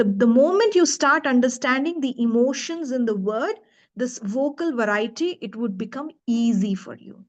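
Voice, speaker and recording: High-voiced woman coaching on speaking. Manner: emphatic, demonstrates emotions in her voice. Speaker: public speaking coach, guest. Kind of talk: online interview answer. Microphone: video call.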